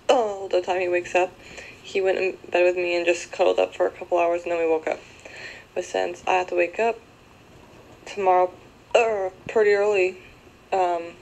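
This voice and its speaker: A woman's voice: lowish voice, vocal fry, slight background noise, low-quality recording. A young mother vlogging casually about her day, hiccuping, rambling and apologizing often. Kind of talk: casual daily vlog.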